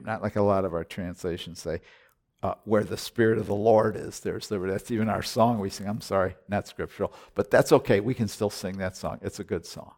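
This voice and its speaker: A man preaching a sermon as pastor, telling a personal story and exhorting his congregation, moving between hushed, slow passages and loud emphatic declarations. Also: lowish voice, fairly even intonation.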